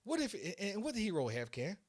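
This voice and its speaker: A man hosting a casual podcast, telling a story in an excitable, animated way that builds to loud peaks. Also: high-pitched, fast, very noisy. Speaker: podcast host.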